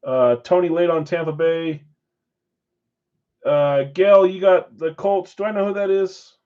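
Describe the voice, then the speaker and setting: A fairly high-voiced man hosts a live-stream card break, rattling off names and assignments in a brisk roll call. He drops casual chatty asides between the calls. The sound is dull and lo-fi, like stream audio. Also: fairly even intonation.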